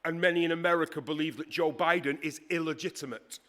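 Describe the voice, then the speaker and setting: A man preaching a sermon in a conversational, emphatic way, with dramatic pauses. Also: on the high side, fairly even intonation, fairly bright tone.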